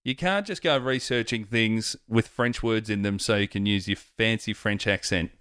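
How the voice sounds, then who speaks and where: A man's voice: fairly low pitch, normal speed, a bit bright, clear, resonant tone, no echo, clean studio sound. A man, co-hosting a podcast, throwing in mocking quips and laughing often. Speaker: podcast co-host. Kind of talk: comedic banter.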